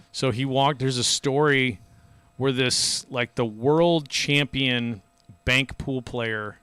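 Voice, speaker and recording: A man's voice: medium pitch, bright, forceful tone, clear, resonant tone, dry recording. A man hosting a podcast, telling stories in a loose, rambling, chatty way. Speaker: podcast host. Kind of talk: casual podcast chat.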